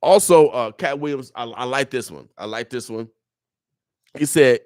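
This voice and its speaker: An older man holds forth into a studio microphone in a casual radio monologue, swinging between sermon-like urging and joking asides. He repeats his points again and again in loose street talk. His voice sounds close and dry, with no room around it, at a middle pitch for a man. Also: animated, normal speed, no room sound.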